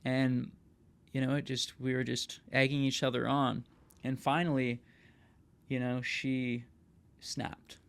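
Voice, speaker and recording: Man, podcast host, gravelly fry in his voice, earnest casual storytelling, mid pitch. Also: flat delivery, slow pace, long pauses. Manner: earnest, peppers talk with "right?" and "man".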